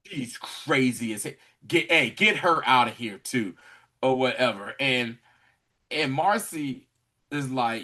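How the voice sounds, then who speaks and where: Animated, lively-voiced man recapping a show. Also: medium pitch, slow. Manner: animated storytelling, acting out characters' lines; laughs often while talking. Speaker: podcast co-host. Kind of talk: casual recap chat.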